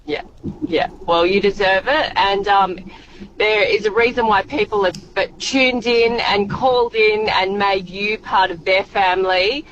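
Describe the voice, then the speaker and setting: A woman's voice: mid-range voice, fairly even intonation, unhurried, slight background noise. A woman calling in to a radio show while driving, effusive and emotional. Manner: effusive, emotional, warm praise. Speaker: TV presenter calling in. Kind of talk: talkback call-in. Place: car, driving. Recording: muffled phone line from a car.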